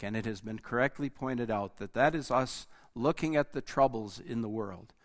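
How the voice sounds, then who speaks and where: A man preaching a sermon, slow and deliberate, rising in force and then dropping almost to a hush. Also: mid-range voice. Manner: slow, deliberate preaching that rises and drops to near-quiet.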